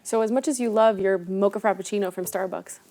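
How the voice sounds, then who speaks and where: A woman's voice: medium pitch, fairly even intonation, a little fast, warm tone, slight background noise. A woman in her twenties, a travel influencer and guest, talking earnestly and with emphasis in a casual interview. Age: 20s.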